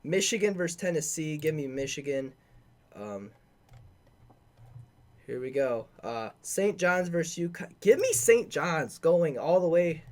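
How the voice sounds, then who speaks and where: A man's voice: a little high, big pitch swings, a little slow, a little mellow. Offhand man rattling off picks. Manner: offhand, filler-heavy, thinking aloud. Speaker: sports podcast host. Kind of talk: casual bracket picks monologue.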